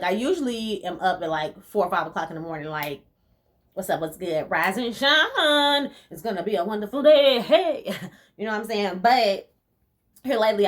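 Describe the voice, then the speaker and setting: A young woman from the rural US chatting casually as a vlogger answering viewer questions, animated and laughing often, with relaxed slang. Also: fairly low pitch. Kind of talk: casual chat.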